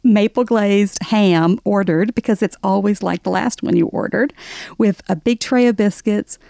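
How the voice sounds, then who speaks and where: A woman's voice: medium pitch, moderate pace, creaky, warm tone, no echo, studio quality. A woman in her forties from Alabama with a Southern accent, a guest telling wry stories in an interview and laughing often. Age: 40s. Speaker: guest, writer. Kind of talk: casual interview talk.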